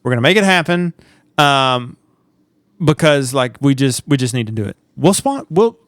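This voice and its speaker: A man co-hosting a podcast, telling stories in a lively, animated way and acting out the people in them. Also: medium pitch, normal speed, no room sound. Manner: animated storyteller, acts out shouts and quotes. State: sleep deprived. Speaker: podcast co-host. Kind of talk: casual chat.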